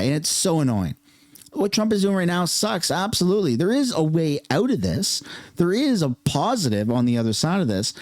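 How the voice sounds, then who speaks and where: Man, sarcastic political commentator, very lively pitch, dry booth sound. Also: no echo. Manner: animated and sarcastic, lively ups and downs.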